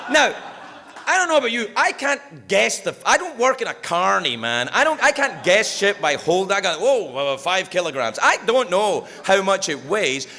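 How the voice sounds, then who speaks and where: A man speaking candidly at a recovery meeting, swearing freely and joking with the room. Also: sits high. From United States. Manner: swears freely, jokes, shifts between loud bursts and quiet asides. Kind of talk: personal recovery talk, profane and candid. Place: meeting hall with audience.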